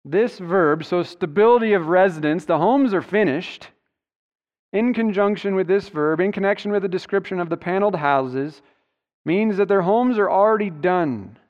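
A man's voice: high voice, moderate pace, in a large hall, dull audio. A man preaching an expository sermon as pastor, explaining scripture and stressing key words. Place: church sanctuary.

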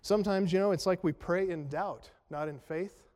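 A man's voice: high-pitched, normal speed, darkish tone. A man preaching a sermon in a conversational way, asking rhetorical questions and making self-deprecating jokes. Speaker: pastor. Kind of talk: expository sermon. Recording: long reverb of a large hall.

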